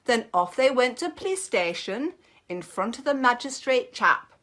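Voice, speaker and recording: A woman giving a lively recital of a comic verse monologue, raising her voice for the characters. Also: a little high, normal speed.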